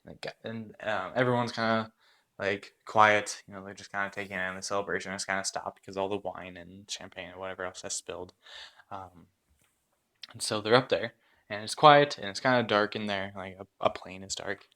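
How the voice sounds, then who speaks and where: A man runs a story game as its narrator, describing the scene to his players. His voice is on the low side, and he rambles with lots of fillers and restarts. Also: steady tone, fairly quick, sharp tone. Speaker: game master.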